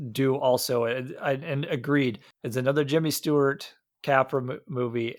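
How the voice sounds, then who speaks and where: A medium-pitched man from Iowa co-hosts a podcast, chatting casually about a movie with many fillers and restarts. The recording is studio quality, with no room sound.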